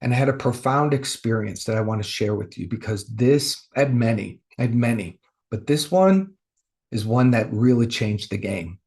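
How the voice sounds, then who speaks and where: Man telling his spiritual story, really emotional, goes loud then quiet, mid-pitched voice. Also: animated, moderate pace. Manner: emotional, swings between loud outbursts and hushed lows. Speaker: spiritual teacher. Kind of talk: personal spiritual testimony.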